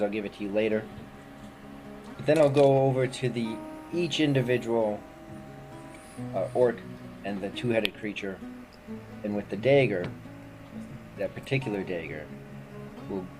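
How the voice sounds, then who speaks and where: A man playing a tabletop game, describing his character's actions in a halting way. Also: lowish voice. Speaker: player.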